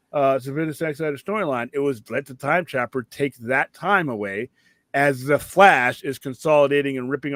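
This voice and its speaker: Male stream host, middle pitch, loose and profane, dry close mic. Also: no room sound. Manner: rambling, profane, animated. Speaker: show host. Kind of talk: casual stream chat.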